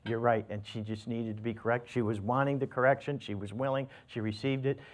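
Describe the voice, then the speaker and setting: A man's voice: mid-range voice, level tone, brisk. An older man preaching a sermon, telling a personal family story in a folksy, rambling way full of restarts and fillers, sometimes acting out what people said. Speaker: pastor.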